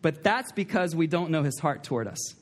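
A man with a high voice preaching a sermon in a church. He speaks emphatically, repeats his key lines and puts questions to the congregation. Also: animated, fairly quick. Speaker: pastor. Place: church sanctuary.

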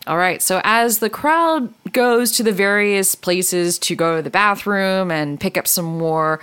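A woman narrating a tabletop role-playing game as dungeon master, in a relaxed, chatty way. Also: medium pitch, a little slow, clean tone.

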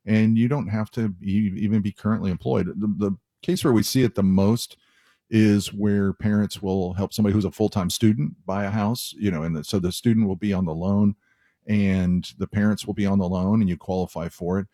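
A man hosting a home loan radio show, explaining mortgage fees in a relaxed conversational way with frequent restarts. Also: lowish voice, brisk, no echo, clean studio sound. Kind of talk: radio call-in advice talk.

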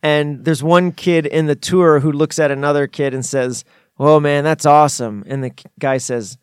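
A man's voice: a little high, steady tone, moderate pace, clean tone, no echo, clean studio sound. A man co-hosting a podcast, telling rambling stories in a playful, joking way. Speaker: podcast co-host. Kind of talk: casual chat.

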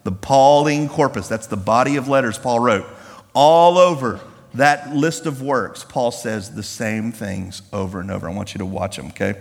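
Animated male preacher in echoey hall. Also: mid-range voice, gravelly. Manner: animated, humorous, reads scripture slowly with emphasis. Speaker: pastor. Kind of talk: sermon. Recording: echoey hall with long reverb.

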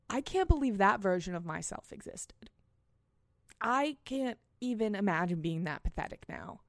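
A woman in her twenties hosting a podcast, telling a story in a casual, animated, self-mocking way with plenty of swearing. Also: mid-range voice, moderate pace, dry recording, studio quality. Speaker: podcast host.

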